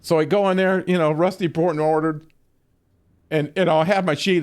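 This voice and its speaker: A man's voice: a little high, fairly quick. A middle-aged man telling a long, profane, rambling story while streaming a game, laughing often.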